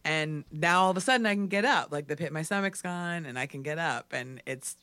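A man casually telling a story, animated and full of fillers like "like". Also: fairly high pitch, brisk, dry recording. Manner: animated, filler-heavy with frequent "like".

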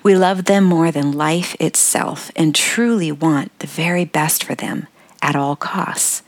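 An older woman hosting a devotional podcast, speaking earnestly and encouragingly, dropping to soft breathy tones on key words. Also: low-pitched, measured pace, no room sound. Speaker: podcast host.

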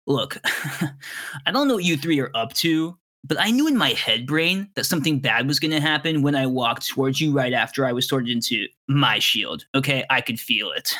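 A man's voice: mid-range voice, lively intonation, normal speed, pushed and bright. A man voicing a brash, boastful bully boy student who talks in a blustering, defensive way.

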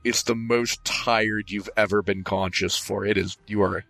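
Low-voiced man narrating as game master. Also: steady tone, gravelly, fairly bright tone, no room sound. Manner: halting, descriptive, many fillers.

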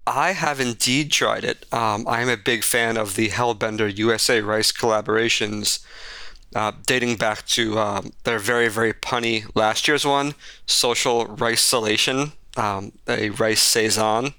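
A man's voice: fairly low pitch, fairly even intonation, a little slow, bright, forceful tone, clean tone, no echo. A man co-hosting a casual podcast chat, wry and joking with rambling asides. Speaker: podcast co-host.

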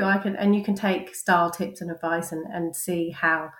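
A woman with a slightly low voice talks thoughtfully in a casual podcast chat, dropping frequent ums and you-knows. Her voice carries a roomy echo. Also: steady tone, unhurried, a bit bright. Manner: thoughtful, many fillers. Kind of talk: casual conversation.

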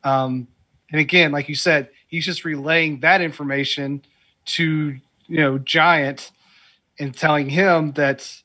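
A man's voice: fairly high pitch, steady tone, slow pace, sharp tone. A man chatting casually as a podcast co-host about films, reflective and earnest. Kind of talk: casual film discussion.

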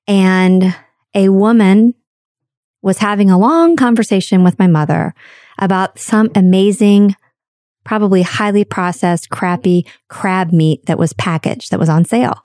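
A woman's voice: medium pitch, dark tone, no room sound, clean studio sound. A woman hosting a show, talking candidly in a reflective personal monologue full of childhood stories. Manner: candid, storytelling, drawn-out emphasis.

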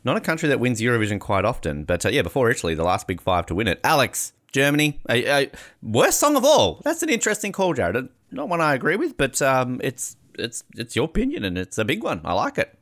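A man's voice: mid-range voice, wildly swooping pitch, fast, few pauses, a bit bright. A man hosting a casual panel chat, rambling and joking with plenty of filler words. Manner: rambling and jokey, many fillers. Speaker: podcast host.

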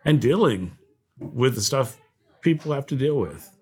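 A man from Ohio, a guest leading a nonprofit, speaking in a heartfelt, halting way with many fillers in a casual interview. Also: medium pitch, lively intonation, a little mellow, breathy edge.

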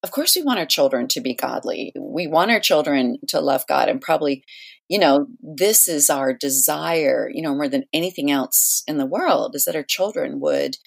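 Middle-aged woman author, lowish voice, measured and reflective guest. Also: lively intonation, gravelly. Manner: thoughtful, measured, with soft laughs. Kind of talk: podcast interview.

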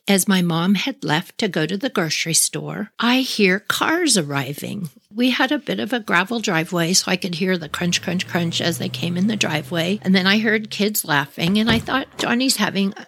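A woman with a husky voice telling childhood family stories in a casual, animated way and talking to her listeners directly. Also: lowish voice, dry recording. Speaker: storyteller.

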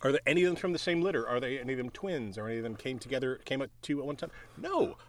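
A man hosting a podcast in casual chat, animated and laughing as he talks. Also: medium pitch, racing. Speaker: podcast host.

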